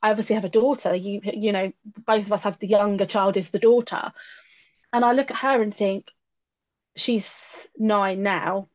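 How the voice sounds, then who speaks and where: A woman in her late thirties talks openly as a podcast guest, reflective and frank with a self-mocking streak. Her voice sits at an ordinary middle pitch. The audio is a little dull and lo-fi, as from a remote call. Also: steady tone, moderate pace. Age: late 30s. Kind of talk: candid personal conversation.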